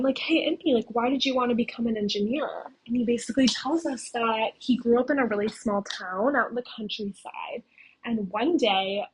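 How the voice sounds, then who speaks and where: A woman's voice: on the high side, breathy edge, rough recording. A young woman recapping a game's story in a casual, chatty way, scattering "like" and "okay?" through her talk.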